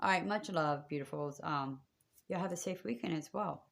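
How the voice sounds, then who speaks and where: Low-voiced woman giving rambling spiritual readings. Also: moderate pace, vocal fry, very noisy. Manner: rambling and affectionate, with many fillers. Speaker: spiritual reader on a live stream. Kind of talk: casual live-stream talk to viewers.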